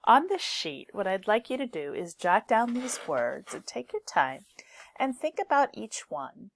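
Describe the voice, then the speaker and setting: A woman teaching a pronunciation lesson, speaking slowly and deliberately and saying each example word twice so learners can copy it. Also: medium pitch, very animated, dry recording. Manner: slow, deliberate, repeats each word twice to model sounds. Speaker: English teacher.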